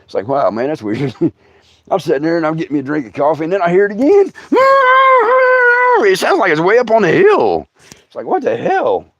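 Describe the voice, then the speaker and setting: A middle-aged man with a drawl spins a funny campfire-style yarn on a livestream. His voice sits a bit high and leaps all over the place as he laughs along. The sound is dry and slightly dull. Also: fast, no room sound. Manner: animated, laughing through his own story, breaking into loud outbursts. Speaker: comedian host. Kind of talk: comic storytelling livestream.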